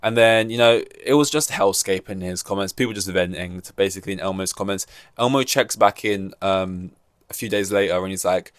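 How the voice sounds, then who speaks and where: A man's voice: low voice, brisk, no room sound. Rambling man podcasting solo. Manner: rambling, jokey, acts out quoted voices. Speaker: podcast host.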